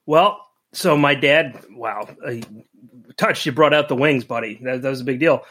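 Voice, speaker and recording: A middle-aged man telling a personal story in a casual podcast chat, animated and emotional, acting out quoted lines. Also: medium pitch, moderate pace. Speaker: podcast co-host.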